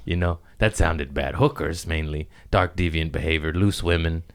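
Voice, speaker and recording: Deep-voiced man rambling on a podcast. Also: moderate pace, hardly any pauses. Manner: rambling, profane, animated riffing. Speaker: podcast host. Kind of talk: casual comedic podcast chat.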